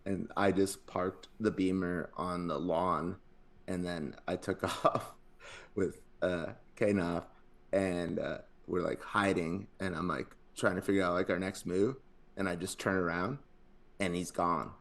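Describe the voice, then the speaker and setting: A man's voice: low voice, fairly even intonation, unhurried, creaky. A man in his thirties, a podcast co-host, rambling through anecdotes full of fillers in casual chat.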